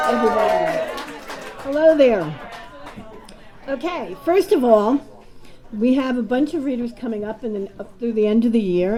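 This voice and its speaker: A woman's voice: on the high side, warm tone. A woman hosting a reading series, making casual announcements and stumbling over names. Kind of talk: event announcements. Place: bar reading event.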